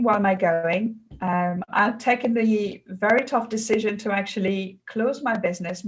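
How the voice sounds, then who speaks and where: A middle-aged woman from France with a French accent, speaking as an interview guest in an earnest, animated way, often laughing between phrases. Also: mid-range voice, rough recording. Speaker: guest, customer experience consultant. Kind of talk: interview conversation.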